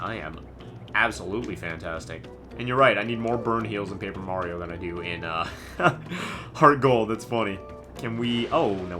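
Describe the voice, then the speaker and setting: Animated young man streaming a game. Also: fairly low pitch. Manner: animated, jokey, rambling. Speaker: gaming streamer. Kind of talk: live let's play commentary.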